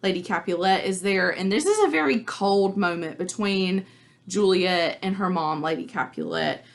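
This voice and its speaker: In a loose, conversational recap of a play, this woman teacher leans on plenty of ums and likes while talking to her class. Her pitch is medium and her pace moderate.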